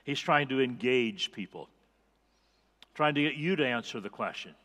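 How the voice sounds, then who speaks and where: A man's voice: medium pitch, expressive, moderate pace, fairly bright tone, long reverb tail. A male pastor preaching a sermon, earnest and emphatic, repeating key phrases for weight. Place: church sanctuary.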